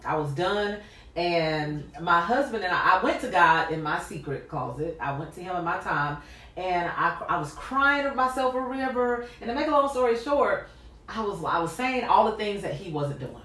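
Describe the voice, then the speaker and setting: A woman's voice: fairly low pitch, normal speed, far from the mic. A woman hosting a casual faith talk, telling a personal story with lots of acted-out dialogue and laughter. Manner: animated storytelling, acts out dialogue, laughs often. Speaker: podcast host. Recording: echoey room, off mic.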